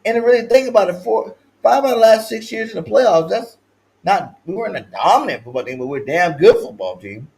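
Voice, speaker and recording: A man from California hosting a sports talk stream, with a slightly higher-pitched voice. He is slangy and hyped, repeats catchphrases, and jumps between loud chanted lines and quiet mumbled asides. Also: animated, brisk, vocal fry, poor audio. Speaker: sports show host.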